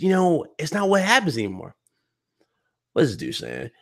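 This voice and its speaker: Heated, lively male streamer ranting. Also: a little high, normal speed, vocal fry. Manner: heated, blunt, mocking. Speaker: gaming podcast host. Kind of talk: live stream rant to chat.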